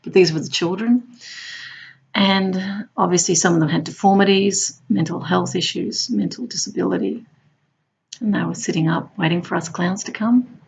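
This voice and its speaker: A woman who works as a hospital clown tells her stories playfully, now and then jumping into high squeals. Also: normal speed, gravelly, lo-fi sound, a little hiss or hum. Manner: warm, playful, bursts into high squeals when acting out clowning. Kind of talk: personal storytelling.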